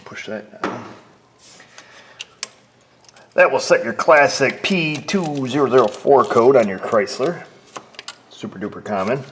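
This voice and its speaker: This auto mechanic speaks in a mid-range, slightly bright voice, unhurried and pausing often, as he narrates a repair in his shop bay with rambling jokes and the occasional close whisper. There's a faint hiss or hum.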